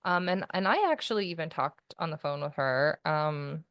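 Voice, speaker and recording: A woman's voice: low voice, expressive, normal speed, fairly bright tone, no echo, clean studio sound. A woman guest giving a candid personal account in an interview, rambling and full of fillers like "like" and "you know.".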